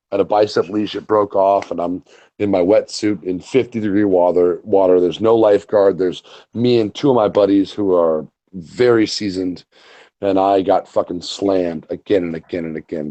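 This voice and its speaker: A man telling stories in casual profane chat, animated and full of swearing. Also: low-pitched. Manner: animated storyteller, swears a lot. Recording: muffled lo-fi audio.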